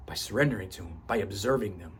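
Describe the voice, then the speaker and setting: A man's voice: sits low, quick pace, a bit bright, breathy edge. A man, 38 or older, speaks in a passionate motivational monologue about his own growth. He swears for emphasis, and his voice climbs as he grows fervent. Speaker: self-help vlogger.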